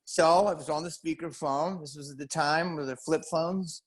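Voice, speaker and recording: Animated man telling a comic story. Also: a little high. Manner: animated, drawn-out comic pauses. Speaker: comedian guest. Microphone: video call.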